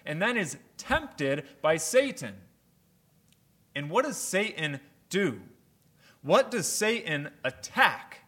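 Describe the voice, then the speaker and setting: A man preaching a sermon at an unhurried, deliberate pace. His voice is bright and slightly high for a man, with firm emphasis on key phrases. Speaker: pastor.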